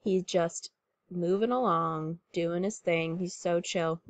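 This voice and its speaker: A woman's voice: lowish voice, fairly even intonation, slow pace, no room sound. A woman teacher reading a picture book aloud to pupils and explaining what the story shows. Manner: warm, clear classroom explaining.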